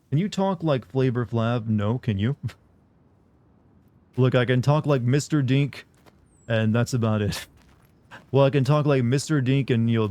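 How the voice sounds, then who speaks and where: A young man streams games, rambling and joking casually with his viewers in loose live-stream chatter. His mid-range voice has a dark tone, with no room sound.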